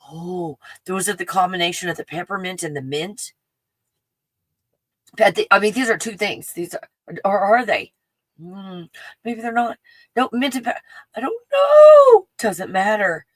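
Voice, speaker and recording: A woman in her forties hosting a casual solo livestream, rambling excitedly and swinging between hushed asides and loud outbursts. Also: fairly low pitch, a little slow, pauses often, no room sound, poor audio. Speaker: livestream host.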